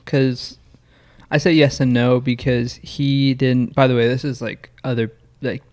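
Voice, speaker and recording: A man's voice: medium pitch, little pitch movement, measured pace, a little mellow. A man co-hosting a podcast in casual chat, rambling with many fillers and restarts. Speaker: podcast co-host.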